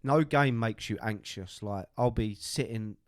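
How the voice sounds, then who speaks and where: A man, co-hosting a casual podcast and chatting quickly about games. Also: on the low side, no room sound, clean studio sound. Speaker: podcast co-host. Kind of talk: casual chat.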